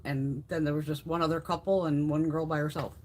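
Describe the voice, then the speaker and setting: A woman's voice: low voice, fairly even intonation, fairly quick, a little mellow, a little hiss or hum. A woman in her fifties hosting a casual live stream, chatting and telling rambling stories, swearing freely. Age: 50s. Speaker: beauty live-stream host.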